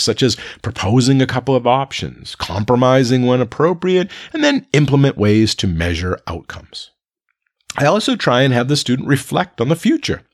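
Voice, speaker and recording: A man explaining classroom de-escalation to fellow educators in a calm, explanatory way, checking in with the occasional "right?". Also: mid-range voice, dry recording, clean studio sound. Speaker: teacher. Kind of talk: instructional talk to educators.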